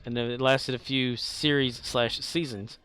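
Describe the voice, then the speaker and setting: A man's voice: mid-range voice, steady tone, measured pace, sharp tone, a little hiss or hum. A man streaming a game, rambling to himself and mocking his own mistakes. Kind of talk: casual gaming commentary.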